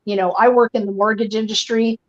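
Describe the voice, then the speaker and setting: A woman's voice: mid-range voice, fairly even intonation, brisk, muffled recording. A woman in her forties telling a personal story in casual chat, rambling with lots of "like" and "you know". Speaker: guest on a fan podcast.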